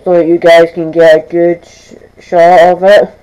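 A man's voice: fairly high pitch, flat delivery, moderate pace, mellow, clear, resonant tone, muffled recording. A teenage boy vlogging casually to camera, stammering and restarting his sentences as he talks through plans. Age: teens. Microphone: camera mic.

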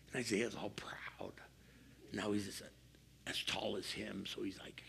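Older pastor with a gravelly, lively voice. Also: male voice, mid-range voice, a little hiss or hum, low-quality recording. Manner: animated, acts out people in quick asides. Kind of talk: sermon.

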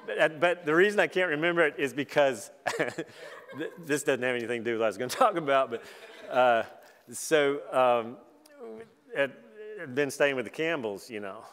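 A man preaching a sermon as a guest speaker, talking in a relaxed, self-deprecating way and turning animated when he acts out the verses he quotes. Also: medium pitch, normal speed, in a large hall. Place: large church hall.

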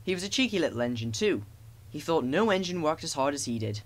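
A man narrating a children's storybook with expressive, animated storytelling. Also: on the high side, fast talker. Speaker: audiobook narrator.

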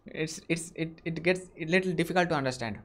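A man's voice: a little high, fairly quick. A man from India hosting a casual video chat with strangers, asking question after question with frequent restarts, heard over a video call. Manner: curious, asks many questions, frequent restarts. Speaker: host.

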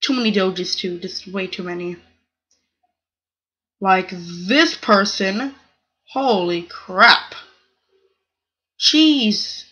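A gaming channel host giving live gameplay commentary, excitable, repeating short cries of no and come on and exclaiming oh my goodness. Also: medium pitch, slow, pauses often.

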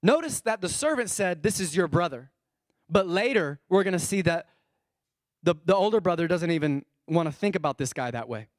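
Animated high-voiced male pastor preaching. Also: moderate pace, no room sound, studio quality. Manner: animated, quizzes the congregation, acts out characters' lines. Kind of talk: sermon. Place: church.

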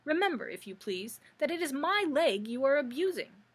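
A woman's voice: high voice, expressive, normal speed, slightly rough, voice pushed up. A woman voicing a dim-witted wooden man with a pumpkin head who is touchy and easily offended, in a storybook reading. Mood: indignant.

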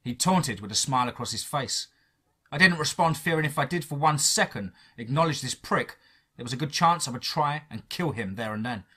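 Husky man telling a horror story. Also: medium pitch, animated, fairly quick, sharp tone. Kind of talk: first-person horror story narration.

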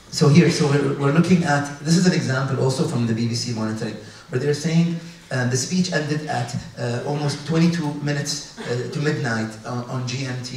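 A man from the UAE gives a talk at a conference, pausing often and restarting his sentences. His voice sits at a middle pitch. It reaches the mic from a distance, in a large hall full of echo with a faint noise underneath. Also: darkish tone. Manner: halting, many fillers and restarts. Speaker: conference speaker.

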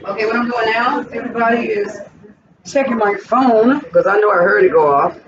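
A woman's voice: on the high side, moderate pace, a crowd in the background. A woman hosting a cooking vlog in her home kitchen, chatting straight to her viewers as she cooks. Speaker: cooking channel host. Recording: distant, muffled, noisy.

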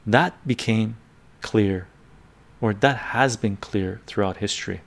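A man hosts a live stream and tells a story from his own life, stressing his points hard and calling his listeners "gang." His voice sits low and has a gravelly edge. He talks in quick bursts and keeps checking in with a "right?". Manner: emphatic, addresses his audience as "gang".

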